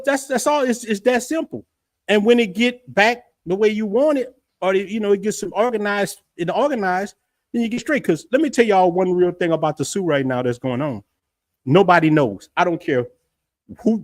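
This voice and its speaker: A middle-aged man from the United States hosting a casual livestream from his house, talking in an animated, rambling way with frequent laughs. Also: high-pitched, no room sound, studio quality. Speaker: travel livestream host.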